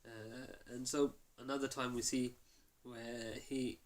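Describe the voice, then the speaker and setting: Man telling a lively lesson story. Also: mid-range voice, slow pace. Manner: lively storyteller acting out quotes. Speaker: teacher. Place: mosque.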